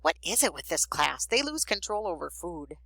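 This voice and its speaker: A woman's voice: fairly low pitch, sing-song, moderate pace, gravelly, no echo, exaggerated voice, rough recording. A woman voicing a confident, friendly schoolgirl who talks frankly and teases a little, in a storybook reading. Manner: warm, frank, teasing.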